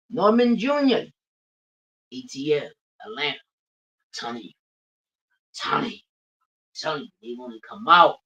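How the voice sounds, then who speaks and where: A man's voice: high-pitched, a bit bright. A brash, profane man hosts a loose boxing podcast rant, hammering the same lines over and over. His voice sits back from the microphone on a dull, lo-fi recording. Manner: brash, profane trash talk; rambling, repeats lines for emphasis. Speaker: podcast host. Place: livestreamed podcast. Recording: distant, dull lo-fi mic.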